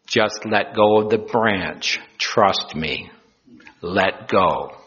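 A man voicing God as a calm, unhurried male voice. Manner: slow, calm and deep. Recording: dull lo-fi recording.

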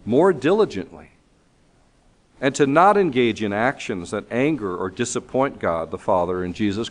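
A man preaching a sermon in an earnest, emphatic way, reading scripture aloud, his voice still recovering from being lost. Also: medium pitch.

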